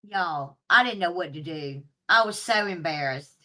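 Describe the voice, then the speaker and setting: A woman telling a story to her viewers in a casual, animated way, swearing freely and laughing at herself. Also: fairly low pitch, moderate pace. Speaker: streamer talking to live chat.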